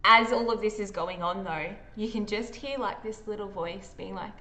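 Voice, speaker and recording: A woman's voice: mid-range voice, pushed and bright. Australian woman narrating a horror game. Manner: vivid, descriptive, halting with fillers. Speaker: game master.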